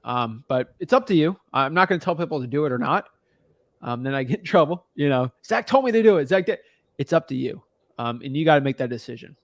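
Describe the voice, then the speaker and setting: A young man from the United States giving casual, slangy coaching advice on a call, thinking out loud as he looks things up. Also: mid-range voice, fast, dry recording. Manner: laid-back, slangy, talks through what he looks up. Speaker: real estate wholesaling coach.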